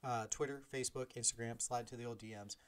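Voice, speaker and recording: A man's voice: mid-range voice, quick pace, clear, resonant tone. Chatty man in his forties telling a story. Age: 40s. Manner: animated, acts out quoted dialogue, self-deprecating asides. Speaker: podcast host. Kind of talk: casual storytelling monologue.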